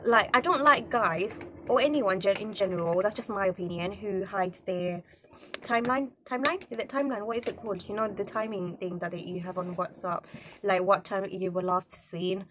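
A woman's voice: medium pitch, normal speed, background noise. A young woman telling a story to camera in a casual vlog, indignant and rambling, with many restarts. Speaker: vlogger.

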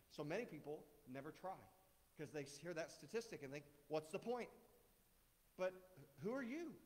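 Chatty, joking middle-aged man preaching. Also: on the high side. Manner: conversational, joking, full of rhetorical questions. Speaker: guest speaker. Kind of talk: sermon. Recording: long hall reverb.

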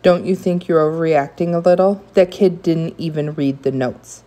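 A woman reading aloud voices an indignant, sharp-tongued mother, raising her voice with heat. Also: sits low, moderate pace, pitched above the performer's own voice, natural voice. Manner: raised, heated delivery.

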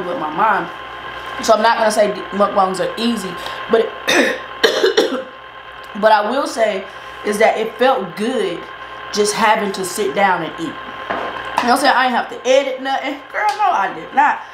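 A woman's voice: medium pitch, echoey room, background noise. A woman hosting an eating show, chatting casually and loosely as she eats, often repeating herself. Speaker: mukbang vlogger, host. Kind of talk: casual chat while eating. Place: indoors at her eating setup.

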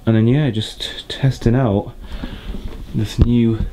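A man's voice: medium pitch, fairly even intonation, slow pace, dark tone. A young man chatting casually to camera as a motorcycle vlogger, rambling and laid-back. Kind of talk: casual vlog chat to camera.

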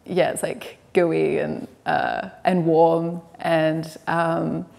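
A woman's voice: sits low, level tone, drawn-out words, creaky, background noise. A young woman, musing hesitantly as a musician guest, full of likes and ums. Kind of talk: relaxed interview chat.

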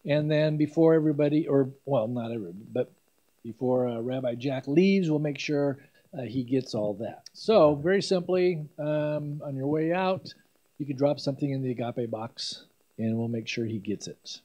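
A man's voice: medium pitch, moderate pace, warm tone, highs cut off. A man, a pastor, giving practical announcements to his congregation in a plain way. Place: church sanctuary.

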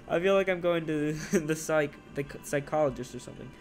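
A man's voice: on the high side, moderate pace, soft background music. A man giving casual gameplay commentary as a let's player, joking and reading game text aloud.

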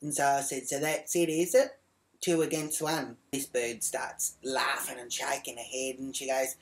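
A woman's voice: extremely low pitch, normal speed. A middle-aged woman telling a profane comic story and acting out the quotes in a raised voice. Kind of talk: comic monologue.

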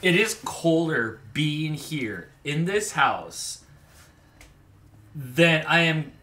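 Joking, animated vlog co-host. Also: medium pitch, extremely slow. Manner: joking, teasing, laughs often. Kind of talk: casual chat.

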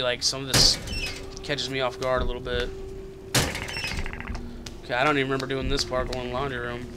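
A man's voice: medium pitch, low-quality recording. A man giving casual gameplay commentary as a let's-play host, goofy and joking, talking to the characters on screen and making his own sound effects. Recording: game music playing under the voice.

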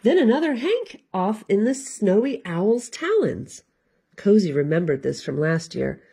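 Expressive librarian reading a storybook aloud. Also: female voice, mid-range voice, a little slow, creaky, slightly rough. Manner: expressive, sing-song storytelling. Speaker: children's librarian.

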